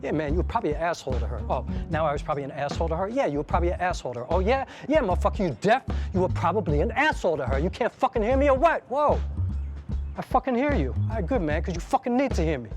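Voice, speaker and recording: A man's voice: a little high, sing-song, racing. An actor in his thirties playing a blunt, confrontational young man who scolds his friend with constant swearing in scripted drama dialogue. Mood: scolding. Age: 30s. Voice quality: profane, confrontational. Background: music.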